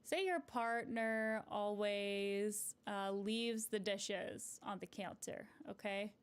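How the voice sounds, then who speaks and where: Woman, couples therapist, live advice stream; mid-pitched, conversational, encouraging, checks in with "right?" often. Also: takes it slowly, clear, resonant tone. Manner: gentle, encouraging, explanatory. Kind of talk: live-streamed advice chat answering viewer comments.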